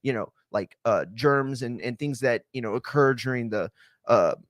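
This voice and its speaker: In clean, roomless studio audio, a male podcast host with a mid-range voice speaks expressively at a normal speed. His casual rant is profane and packed with fillers.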